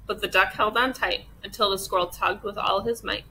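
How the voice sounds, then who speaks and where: Bright-voiced teacher reading aloud. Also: female voice, mid-range voice, moderate pace, gravelly, a little hiss or hum, rough recording. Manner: expressive storytelling. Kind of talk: children's picture book read-aloud.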